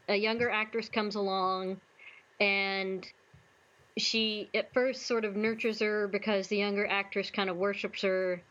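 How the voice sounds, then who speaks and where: A woman co-hosting a relaxed podcast chat. She explains things at length, with plenty of fillers along the way. Her recording sounds slightly dull and lo-fi. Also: medium pitch. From US South. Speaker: podcast co-host. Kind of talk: casual chat.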